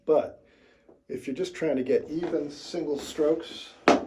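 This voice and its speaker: A man teaching drumming grip technique in a relaxed, step-by-step way, with frequent fillers. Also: a little high, unhurried, over loud music. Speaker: drum teacher. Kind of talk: casual instructional demonstration.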